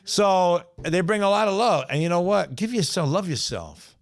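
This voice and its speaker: A man's voice: high-pitched, sing-song, moderate pace. A middle-aged man with a New York accent, telling streetwise stories in a casual, profane podcast chat. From South Bronx, New York. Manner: streetwise, profane, repeats "you know what I'm saying". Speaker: podcast guest storyteller.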